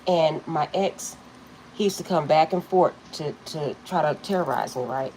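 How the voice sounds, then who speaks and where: Low-voiced chatty middle-aged woman. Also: normal speed, darkish tone, a little hiss or hum, rough recording. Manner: rambling, chatty, laughs often. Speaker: tarot reader. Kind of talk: casual storytelling to viewers.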